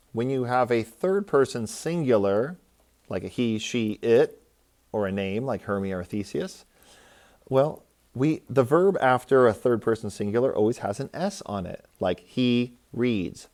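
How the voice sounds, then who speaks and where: A man's voice: mid-range voice, darkish tone. A man teaching a recorded lesson, explaining step by step with patient examples. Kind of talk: recorded classroom lecture.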